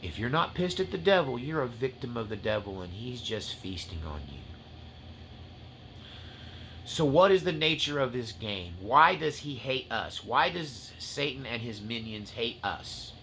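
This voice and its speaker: A man gives a fiery teaching on spiritual warfare, rising with passionate fervor to near-shouts and tearful intensity before swinging into loose joking asides. His medium-pitched voice moves through big pitch swings at an unhurried pace, with slight background noise.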